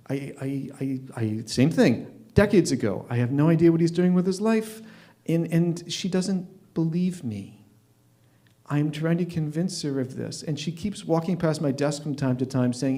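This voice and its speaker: A man in his fifties telling a story at an open mic, wry and deadpan, often restarting his sentences. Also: on the high side, normal speed. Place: stage at an open mic night.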